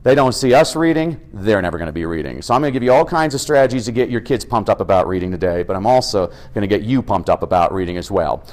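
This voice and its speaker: A middle-aged American man giving an energetic, humorous keynote talk as an education speaker. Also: lowish voice, fast, hardly any pauses. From United States. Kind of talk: keynote speech.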